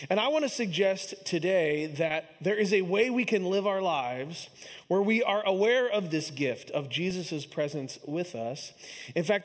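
A pastor in his thirties from the Kansas City area preaches a sermon, telling humorous, self-deprecating stories about his young son. His voice is high and the sound is that of a large hall.

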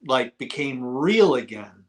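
A man's voice: mid-range voice, big pitch swings, slow. A middle-aged man telling stories as a guest in an interview, repeating words for emphasis. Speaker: guest author. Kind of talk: casual interview talk.

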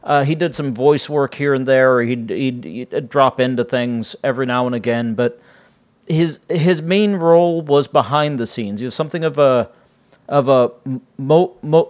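A man's voice: on the high side, darkish tone. A man hosting his own podcast, talking casually on his own, rambling and often restarting his sentences. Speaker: podcast host. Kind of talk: casual solo podcast monologue.

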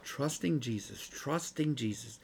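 A man's voice: mid-range voice, expressive, unhurried, gravelly, a little mellow, slight background noise. A man teaching a Bible study class in an earnest way who gets worked up and says he is losing his voice.

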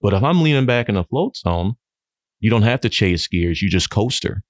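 A middle-aged man, a podcast guest, telling stories in a lively way, laughing often and acting out his friends' lines. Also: lowish voice, normal speed, no echo, clean studio sound. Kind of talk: storytelling in a podcast interview.

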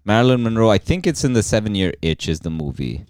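A man in loose podcast banter, his voice swooping wildly up and down as he jokes. His pitch sits a bit low, and the sound is close and dry with no room echo. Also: very animated, quick pace, a little mellow. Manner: crude joking, laughs a lot. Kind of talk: casual chat.

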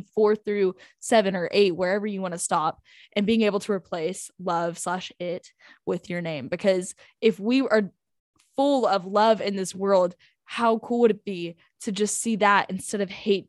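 An earnest eighteen-year-old woman chats into a close podcast mic, her talk full of "like" and "um". Her voice sits at an ordinary middle pitch and sounds dry, with no room around it. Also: dry recording. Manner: earnest, chatty, with frequent "like" and "um" fillers. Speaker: podcast co-host. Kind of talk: casual faith podcast talk.

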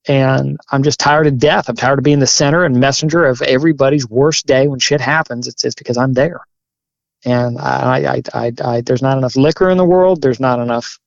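A man who is a firefighter and chaplain, telling his story candidly in an interview, earnest and halting, growing emphatic. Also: mid-range voice, gravelly, no echo, lo-fi sound. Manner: earnest, halting restarts, grows forceful and emphatic.

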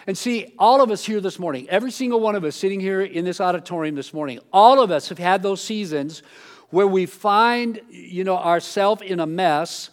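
Guy pastor giving a sermon in an auditorium, high voice, chatty with lots of "you know". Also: normal speed. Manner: conversational preaching, many fillers and restarts; rising animated when mimicking others.

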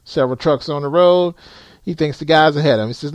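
A man's voice: a little high, fast talker, dry recording. A man who drives trucks, giving blunt, profane advice to other drivers in an emphatic rant. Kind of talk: blunt ranting advice to viewers.

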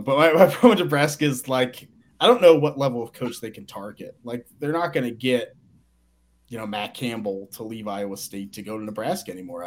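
Man, podcast co-host, eager casual sports talk, quick with restarts. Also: mid-range voice.

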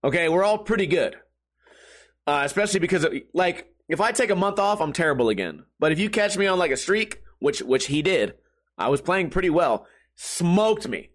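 Man telling a story, high lively voice, profane and laughing. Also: moderate pace. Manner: profane, animated, laughs often. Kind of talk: casual comedic storytelling.

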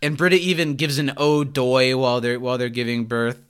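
A man's voice: mid-range voice, fast, a bit bright, clean tone. A man co-hosting a podcast, chatting casually and jokingly as he recaps a TV episode. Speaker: podcast co-host.

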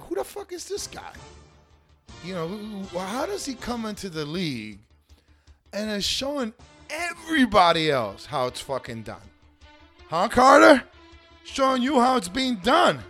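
A man with a slightly high voice hosts a fantasy football league recap. He rants casually and sarcastically, swearing freely. Faint music plays behind him. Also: fairly bright tone. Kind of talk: casual profane sports commentary.

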